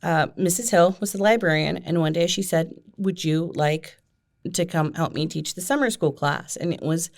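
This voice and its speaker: A woman's voice: lowish voice, normal speed. A middle-aged woman from Ohio, a guest telling school stories in a chatty, self-deprecating way, often laughing. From Ohio, USA. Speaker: guest, school board member. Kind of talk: casual storytelling interview.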